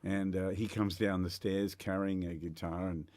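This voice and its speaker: An older Australian man, a guest musician, telling stories in a chatty, animated way with lots of fillers in a radio interview. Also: low voice, moderate pace, no room sound. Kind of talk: casual storytelling in a radio interview.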